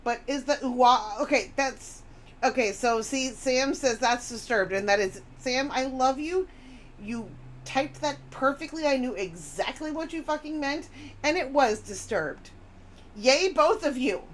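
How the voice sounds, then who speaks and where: A woman's voice: sits high, expressive, measured pace, slight background noise. A woman chatting casually on a live stream, rambling and reading chat messages aloud.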